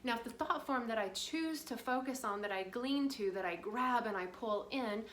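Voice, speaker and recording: A woman's voice: on the high side, moderate pace, a bit bright. Chatty woman in a roomy space. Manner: chatty, rambling, full of fillers. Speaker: spiritual guide. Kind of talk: casual spiritual talk. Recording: roomy with faint background noise.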